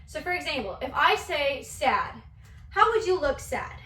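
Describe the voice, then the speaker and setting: A young woman teaching dance to little kids, her high, bright voice coaxing and lively. She stands back from the mic in an echoey room, so the sound carries a roomy ring. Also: a little slow, distant mic. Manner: animated, coaxing, speaking to young children. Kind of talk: kids' movement class demonstration.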